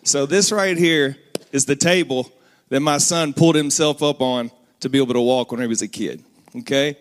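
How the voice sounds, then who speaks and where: A man's voice: medium pitch, normal speed. Earnest man preaching a sermon. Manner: storytelling, earnest, rising to emphatic bursts.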